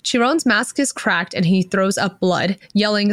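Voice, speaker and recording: A woman retells a novel's plot for her co-host in a casual, chatty way. Her voice sits at a middle pitch, and she often stops to react with excited exclamations. The recording is dry and close, with no room sound. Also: unhurried, no room sound. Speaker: podcast co-host. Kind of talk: casual book recap.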